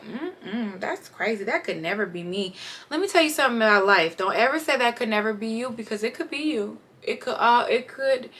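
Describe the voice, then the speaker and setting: A woman's voice: medium pitch, pushed and bright. A young woman giving a candid, chatty life update, talking straight to her viewers. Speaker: vlogger. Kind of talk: casual sit-down life update.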